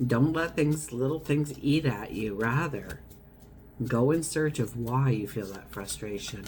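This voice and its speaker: A woman's voice: extremely low pitch, a little slow, darkish tone, slight background noise. A woman giving a casual tarot horoscope reading, chatty and wandering, acting out everyday scenes as she talks. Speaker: tarot reader.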